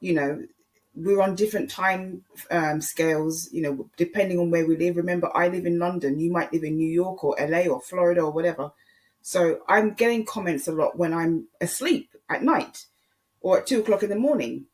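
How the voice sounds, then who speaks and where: A YouTube commentator delivering a casual solo monologue. The voice sits at a middle pitch and the tone is opinionated, addressing viewers and other creators directly. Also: normal speed.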